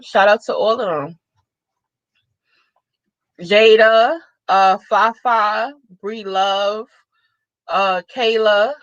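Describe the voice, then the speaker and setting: Bright-voiced woman hosting a casual live chat. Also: dry recording. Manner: chatty, reading out the chat and giving shout-outs; bursts into excited high exclamations. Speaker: livestream host. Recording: dull, dry lo-fi live-stream audio.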